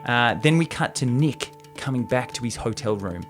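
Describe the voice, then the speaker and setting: A man's voice: medium pitch, lively intonation, normal speed, faint music behind. Jokey male podcast host. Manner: jokey, storytelling, laughs at his own bits. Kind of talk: casual chat, recapping a script.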